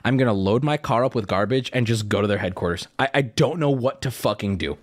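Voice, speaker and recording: A male streamer ranting casually, exasperated and swearing, sometimes shouting. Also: medium pitch, fast. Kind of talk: casual rant.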